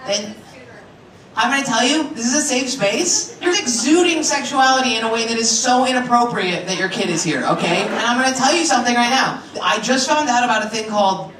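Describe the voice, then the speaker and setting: A female stand-up comedian doing crowd work on a club stage, brash and profane, riffing quickly. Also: fairly high pitch, lively intonation, recorded from a distance. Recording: roomy club sound with a loud crowd.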